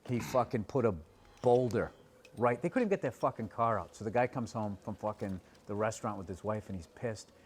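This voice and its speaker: A man's voice: fairly low pitch, brisk, slight background noise. A man telling a story in casual chat as a podcast host, swearing often and acting out the people in it. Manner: profane, animated storyteller.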